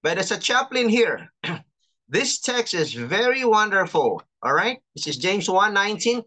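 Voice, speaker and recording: Bright-voiced patient chaplain lecturing online. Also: mid-range voice, big pitch swings. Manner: patient, explanatory, reading out terms slowly.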